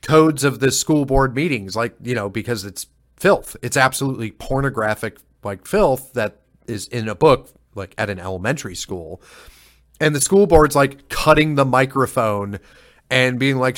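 A man co-hosts a political chat show in a mid-range voice of ordinary pitch. He talks fast and heatedly, piling up "like"s as he retells a running argument. His tone keeps rising into indignant emphasis. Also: animated, a bit bright. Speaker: podcast co-host.

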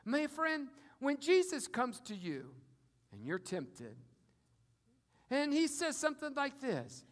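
A man preaching a sermon to a congregation, swinging from quiet asides to loud, booming quotations of scripture. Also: sing-song, unhurried. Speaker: pastor. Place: auditorium. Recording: long hall reverb.

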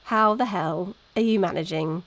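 A woman hosting a casual interview podcast, chatty and animated, laughing along with her guest. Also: fairly low pitch, moderate pace, no room sound. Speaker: podcast host.

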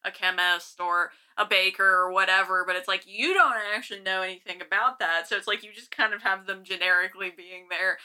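A woman with a mid-pitched voice and a very bright, sharp tone, chatting casually on a podcast. She rambles with many "like"s and poses curious questions. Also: fairly even intonation, a little fast, few pauses. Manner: chatty, full of "like", asks questions. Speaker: podcast co-host. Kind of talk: casual chat.

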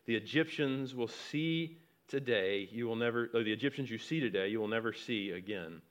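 A man preaching a sermon, reading scripture aloud and asking the congregation questions, swinging from loud rising exhortation to hushed near-whispers. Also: mid-range voice, normal speed. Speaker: pastor.

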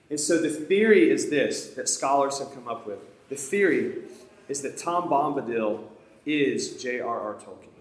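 A man's voice: medium pitch, animated, moderate pace. A man preaching a sermon in a conversational storytelling manner, often speaking straight to his listeners. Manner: conversational, addresses the audience directly. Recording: echoey room.

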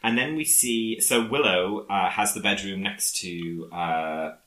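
A man casually recapping a film on a podcast, halting often with fillers as he retells scenes. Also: lowish voice, bright, forceful tone, roomy sound, poor audio. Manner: rambling, halting with many fillers. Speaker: podcast co-host.

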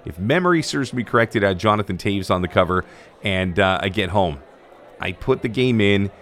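Lower-voiced man telling a story. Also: moderate pace. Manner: animated, conversational storytelling with announcer-style delivery. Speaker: former stadium broadcaster and PA announcer. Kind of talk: casual storytelling.

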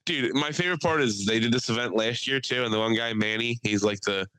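Bright-voiced man telling rowdy stories. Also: mid-range voice, a little fast, clear, resonant tone, no room sound, rough recording. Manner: animated, rambling storyteller, swears. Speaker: podcast co-host. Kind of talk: casual chat.

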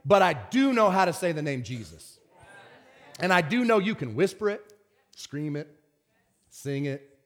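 A man preaching a lively sermon as pastor, swinging from loud bursts to hushed whispers. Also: a little high, measured pace, pauses often.

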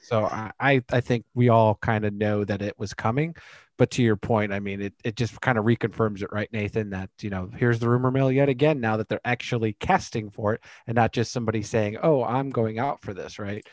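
A man's voice: fairly low pitch, fairly even intonation, brisk, no echo. A man co-hosting a podcast, chatting in a loose way that is full of you-knows and repeated words. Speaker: podcast co-host. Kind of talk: casual chat.

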